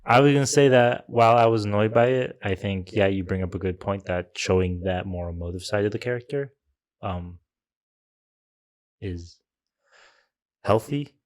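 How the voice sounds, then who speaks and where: Lowish-voiced guy co-hosting a movie podcast, talks in long winding thoughts. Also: normal speed, pauses often. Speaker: podcast co-host. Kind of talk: casual film review chat.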